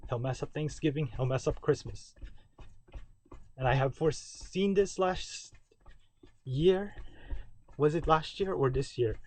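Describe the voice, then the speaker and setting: A man's voice: on the high side, darkish tone. A man recording a rambling, ranting video message from his basement at home, repeating and correcting himself as he goes. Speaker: vlogger. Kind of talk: direct-to-camera video message.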